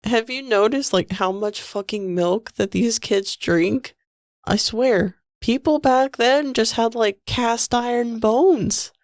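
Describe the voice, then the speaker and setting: A woman's voice: on the high side, slow pace, no room sound, studio quality. A woman co-hosting a podcast, chatting about a film in a loose, profane, nostalgic way. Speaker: podcast co-host. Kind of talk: casual movie-review chat.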